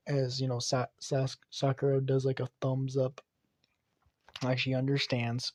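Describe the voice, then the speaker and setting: A man casually retelling an anime fan story, rambling and excitable, swearing and restarting often. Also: medium pitch, a little slow, no room sound, clean studio sound.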